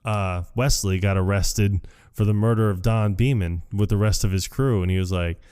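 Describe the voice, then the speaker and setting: A man's voice: fairly low pitch, normal speed, a little mellow, clear, resonant tone. A man co-hosting a podcast, casually retelling a film scene by scene and acting out the lines in shifting voices, laughing often. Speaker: podcast co-host. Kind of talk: casual chat recapping a film.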